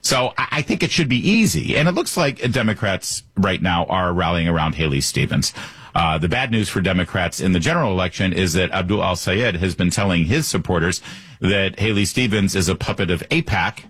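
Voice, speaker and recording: Low husky guy doing talk radio, opinionated, chatty with lots of uhs, dry sound. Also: lively intonation, brisk, fairly bright tone, no room sound. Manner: conversational, opinionated, with fillers. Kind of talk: political talk radio commentary.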